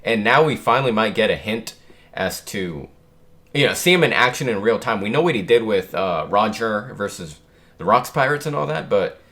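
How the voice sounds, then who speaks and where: A man hosting a casual manga chapter reaction, reading the panels aloud and reacting with lively excitement. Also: lowish voice, normal speed. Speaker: channel host.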